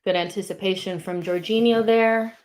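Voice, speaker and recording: A woman hosting a live football watchalong, chatting casually and shouting with excitement when her team does well. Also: medium pitch, normal speed. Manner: excitable, shouts at big moments, swears casually. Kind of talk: live match commentary with viewers.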